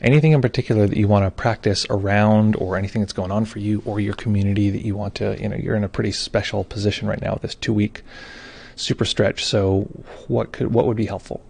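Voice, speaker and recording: Man, meditation teacher, informal explanation, husky voice, quick pace. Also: fairly low pitch. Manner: relaxed and informal, with frequent restarts. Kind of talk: explaining meditation in a live call.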